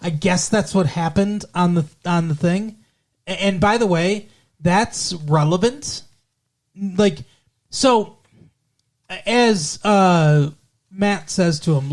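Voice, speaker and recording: A man co-hosts a podcast where he recaps a TV show in casual chat, ranting in an animated, profane way and using plenty of fillers. His voice is high and his pace slow.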